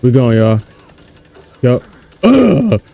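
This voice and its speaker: A man giving casual, animated let's-play commentary on a horror game, chatting to his viewers in slang. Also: medium pitch, extremely slow, creaky, no echo, dull audio, soft background music. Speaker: gaming YouTuber.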